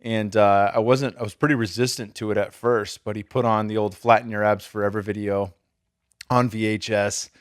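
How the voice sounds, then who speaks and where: Male podcast host, relaxed and profane, lowish voice, dry close sound. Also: moderate pace, no room sound. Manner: loose and profane, swears casually. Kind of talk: casual podcast interview.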